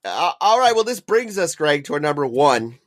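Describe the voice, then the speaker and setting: A man co-hosting a casual podcast, relaxed and agreeable, and cursing now and then. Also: a little high, normal speed. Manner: laid-back, agreeable, profane. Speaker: podcast co-host.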